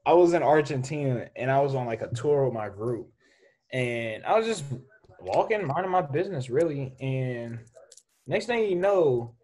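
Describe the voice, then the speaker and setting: A young man co-hosting a podcast, telling stories in an animated way and laughing often. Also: mid-range voice, moderate pace. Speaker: podcast co-host. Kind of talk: casual chat.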